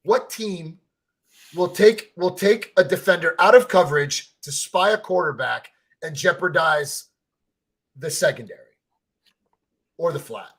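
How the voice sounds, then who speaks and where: A man with a husky, slightly high voice talks through a live fan reaction stream. He tells stories in a rambling, excited way, stumbling over repeated words and swearing freely. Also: measured pace, long pauses. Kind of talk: excited casual chat.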